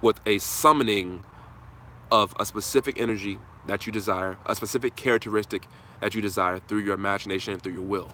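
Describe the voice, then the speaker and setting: A man's voice: on the low side, brisk, sharp tone, slight background noise. A man hosting a live viewer Q&A, giving an impassioned motivational talk with casual asides. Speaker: channel host answering viewers.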